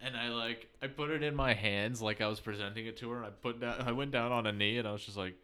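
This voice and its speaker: A man's voice: mid-range voice, fairly even intonation, fast talker, pushed and bright, smooth. A man in his thirties co-hosting a podcast, telling crude, joking stories in casual chat. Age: 30s. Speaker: podcast co-host.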